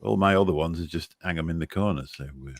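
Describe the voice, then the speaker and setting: A man's voice: low voice, quick pace, dry recording, clean studio sound. A man chatting as a guest on a live stream, rambling and self-deprecating, with a sarcastic streak. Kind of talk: casual chat.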